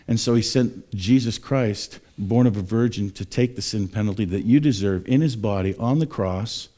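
A man's voice: normal speed, mellow. Man preaching a sermon in church. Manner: mocks scoffers in high put-on voices. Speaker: pastor.

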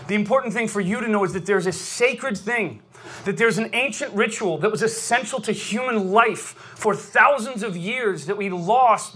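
A man giving an energetic, joking sermon to a live crowd, often calling out loudly. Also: high voice. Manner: loud, animated, joking with the crowd. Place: large venue with live audience.

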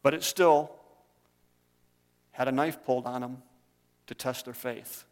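A man's voice: mid-range voice, steady tone, a little slow, long reverb tail. A man preaching a sermon, telling stories in a conversational way. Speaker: pastor.

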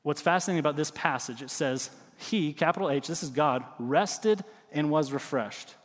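A middle-aged man preaching a sermon, telling stories with lively swings and dropping to quiet emphasis. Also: fairly high pitch, normal speed, in a large hall. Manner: animated storytelling, drops to quiet emphasis. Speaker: pastor.

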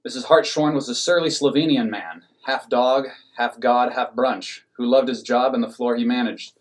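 A man narrating an absurd comic story in a deadpan, matter-of-fact way. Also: medium pitch, normal speed.

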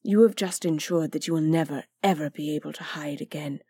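A hostile bodiless entity speaks in a hushed, threatening whisper, voiced by a woman. The voice sits low and is recorded close and dry. It sounds like an audiobook reading. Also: a little fast, husky, no room sound. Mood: menacing. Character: cold hostile bodiless entity, ancient and menacing.

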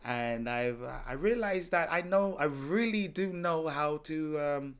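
A man's voice: fairly high pitch, a little slow, smooth, muffled recording. A man hosting a casual podcast chat, telling funny stories with frequent laughs. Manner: animated, laughing anecdotes. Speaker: podcast host, salsa event organizer.

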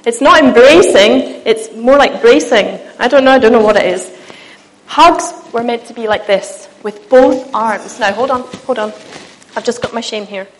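A woman preaches to her church in a slightly high voice, chatty and self-mocking. She jokes her way through the points and keeps the delivery loose and conversational. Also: normal speed, slight background noise, low-quality recording. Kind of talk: humorous sermon with a live demonstration. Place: church meeting.

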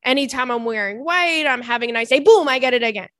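A woman's voice: high voice, quick pace, fairly bright tone, no room sound, studio quality. A young woman hosting a podcast, chatting candidly about listener stories, swearing freely and laughing often. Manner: reads listener emails aloud. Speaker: podcast host. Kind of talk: casual chat.

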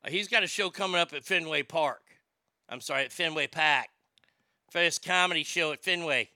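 A man's voice: a little high, brisk, pushed and bright, no room sound, studio quality. A man hosting a show in casual chat, rambling and profane, with stammering restarts and boastful talk. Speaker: show host.

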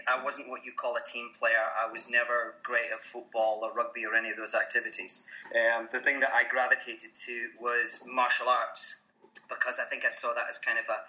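A Scottish man talking as a guest on a podcast, easygoing and self-deprecating as he tells his story. His voice is very bright and sharp-edged, with an ordinary middle pitch. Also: poor audio. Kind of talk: casual interview chat.

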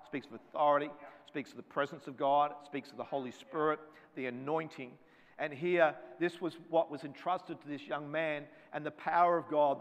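A male pastor delivers a sermon with a fervent, driving cadence and returns again and again to repeated refrains. His voice sits fairly high for a man. It rings out with a long hall reverb behind every phrase. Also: dull audio.

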